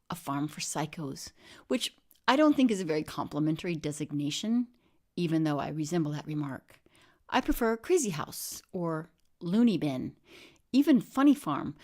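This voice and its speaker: Deadpan woman with whispered asides. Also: lowish voice. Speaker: storyteller. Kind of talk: comic monologue narration.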